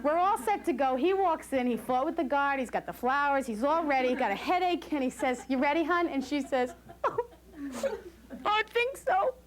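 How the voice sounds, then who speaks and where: Lively high-voiced woman teaching parents. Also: a little fast. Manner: animated, acts out quoted voices, laughs often. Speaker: postpartum class instructor. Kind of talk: lively educational talk to new parents. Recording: hissy 1980s VHS recording.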